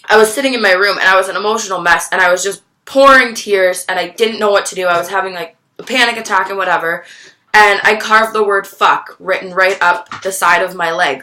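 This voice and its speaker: A young woman vlogger telling a personal story to the camera, candid and halting, swearing freely. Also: medium pitch, bright, forceful tone.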